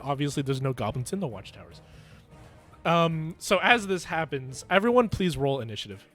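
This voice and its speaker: A young man runs an online tabletop game, narrating the scene in loose, self-correcting bursts. His voice sits a little high for a man and sounds bright and forward. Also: sing-song, brisk, faint music behind. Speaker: game master.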